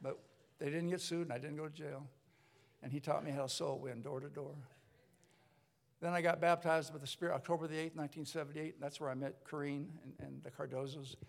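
An older man, a pastor, telling his story in a sermon, lively, with many restarts and acted-out voices. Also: a little high, brisk, creaky. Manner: animated storyteller, acts out voices, rambling restarts. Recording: long hall reverb.

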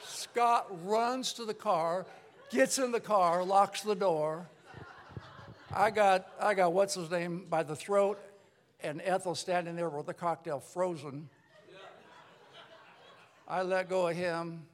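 A man's voice: high-pitched, takes it slowly, long pauses. Older guy preaching, acts out the voices, stops and restarts a lot, long hall echo. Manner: animated storyteller, acts out voices, rambling restarts. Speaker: pastor. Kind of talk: sermon testimony storytelling.

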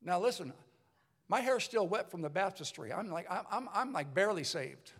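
A man's voice: sits high, moderate pace. Older guy preaching, acts out the voices, stops and restarts a lot, long hall echo. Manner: animated storyteller, acts out voices, rambling restarts. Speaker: pastor. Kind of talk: sermon testimony storytelling.

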